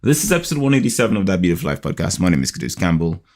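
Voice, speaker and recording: A podcast host from the United Kingdom chats casually in a groggy morning voice, rambling with lots of fillers. His voice sits low and is a little mellow, yet he's very animated and speaks rapid-fire.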